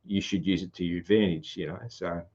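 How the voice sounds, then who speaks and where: Broad country Australian man, low voice. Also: steady tone, a little fast, a little mellow, husky, dull audio. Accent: broad rural Australian. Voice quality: rambling, many fillers and restarts. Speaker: podcast host. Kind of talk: casual chat.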